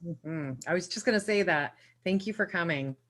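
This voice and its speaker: A woman chairs a public commission meeting over a video call. She talks in a playful, teacherly way, and her voice sits a little low. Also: moderate pace, fairly bright tone.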